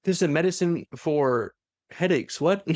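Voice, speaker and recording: A man's voice: a little high, no room sound, clean studio sound. A man casually retelling a story on a podcast, animatedly acting out the characters' lines. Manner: animated, acts out characters' lines in quick voices. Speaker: podcast co-host retelling a novel. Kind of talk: casual lore recap chat.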